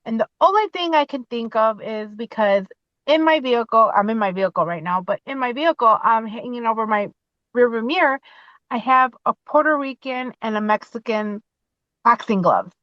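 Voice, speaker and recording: A woman in her forties tells a personal story over a muffled remote line, speaking from inside her car. Her voice sits a little high and runs dry and close. She acts out her own words with lively swings as she talks. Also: moderate pace, no echo. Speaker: guest.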